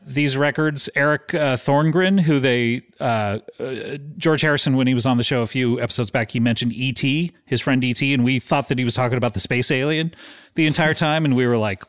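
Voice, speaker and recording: A man's voice: mid-range voice, a little fast, dry recording, studio quality. A man hosting a casual music podcast, telling stories with lots of fillers. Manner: rambling storyteller, many fillers. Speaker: podcast host.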